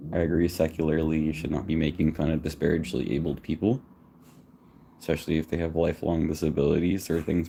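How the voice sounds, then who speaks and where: A man with a very low voice talks to his own camera while sick and worn out. He groans, swears and restarts his sentences often, sounding fatigued and sore. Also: gravelly, dark tone, a little hiss or hum. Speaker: vlogger. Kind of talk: rambling self-recorded vlog. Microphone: self-recording camera.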